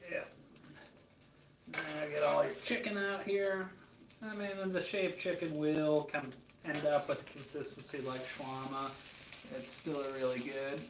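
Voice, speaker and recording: A man's voice: a little high, fairly even intonation, a little slow, noisy background. A man from Michigan cooking on a casual livestream, rambling and joking while answering chat. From Michigan, USA. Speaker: cooking streamer. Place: hotel room kitchen. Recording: roomy with faint ambience.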